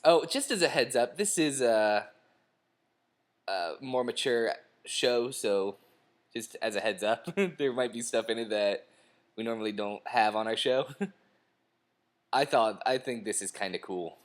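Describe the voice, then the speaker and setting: A man in the middle of a casual commentary chat about a TV episode, speaking at an ordinary pitch. He rambles, restarts and hedges, with chuckles breaking into his sentences. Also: measured pace, pauses often. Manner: rambling, hedging, laughs mid-sentence. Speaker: podcast co-host.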